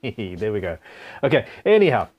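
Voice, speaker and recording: A man's voice: on the low side, sing-song, normal speed, muffled recording. A man hosting a casual live stream Q&A from his home studio. He reads viewer comments aloud in a chatty, self-deprecating way. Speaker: live stream host and guitar builder.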